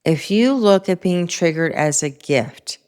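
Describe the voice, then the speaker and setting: A middle-aged woman speaks in a low, grounded voice, hosting a spiritual self-help talk. She is calm and reflective and weaves in personal stories as she goes. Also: measured pace. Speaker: host.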